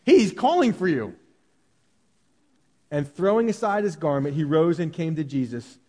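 A man pastor preaching a sermon, animated, swinging from loud cries to hushed tones. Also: fairly high pitch, unhurried. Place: church sanctuary. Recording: long reverb of a large hall.

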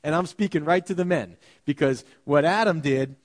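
A male pastor giving a sermon, talking casually and animatedly, often dropping to a hushed voice. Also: fairly high pitch, moderate pace, in a large hall. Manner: animated, conversational preaching with sudden quiet drops. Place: church sanctuary.

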